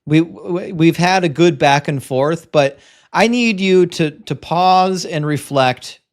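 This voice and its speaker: Reading viewer messages on his live-streamed debate show, a man with a fairly high pitch talks bluntly and lectures. He often stammers and quickly restarts.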